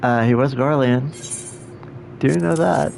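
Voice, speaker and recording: A man's voice: medium pitch, slow, vocal fry, darkish tone, a little hiss or hum. A man streaming a game, making wry, joking asides in casual commentary.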